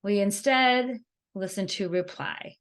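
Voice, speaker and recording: A woman giving a networking skills workshop, talking in an animated, conversational way and laughing easily as she acts out examples. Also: mid-range voice, slow pace. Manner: laughs easily while explaining. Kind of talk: workshop presentation.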